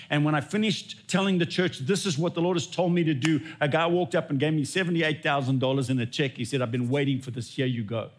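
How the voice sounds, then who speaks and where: A man preaching a sermon as lead pastor, telling stories and acting out little dialogues. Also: on the high side. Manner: storytelling, acts out dialogue with God.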